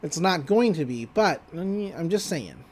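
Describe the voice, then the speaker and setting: A man's voice: a little high, big pitch swings, normal speed, a little hiss or hum. A man co-hosting a podcast, casually retelling an anime episode and rambling through it with filler words. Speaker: podcast co-host.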